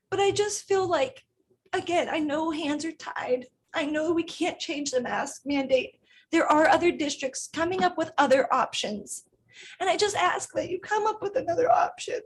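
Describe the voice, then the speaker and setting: A woman's voice: high voice, expressive, moderate pace, a little hiss or hum. A woman in her thirties, a parent giving public comment at a school board meeting, pleading earnestly and emotionally with her voice catching in tears.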